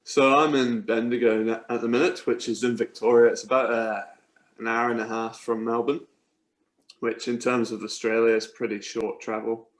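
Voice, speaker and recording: A Scottish man in his twenties, a cricketer, chatting as a guest in a relaxed, joking way. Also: medium pitch, moderate pace. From Scotland. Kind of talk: casual interview chat.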